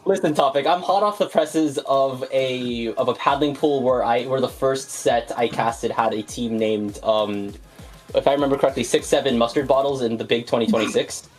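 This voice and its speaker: A man casting an online video game tournament, calling the action play by play with a wry, energetic delivery. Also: medium pitch, moderate pace, faint music behind, low-quality recording. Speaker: play-by-play caster. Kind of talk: esports commentary.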